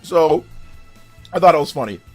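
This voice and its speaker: Lively, high-voiced, mocking streamer man. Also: soft background music. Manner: animated and mocking, quick bursts of speech. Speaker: streamer host. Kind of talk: live stream commentary chat.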